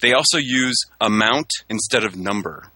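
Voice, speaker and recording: A man's voice: on the low side, expressive, normal speed, bright, forceful tone, slightly rough, dry recording. A man co-hosting a casual chat, wry and a little grumpy about language habits. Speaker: podcast co-host.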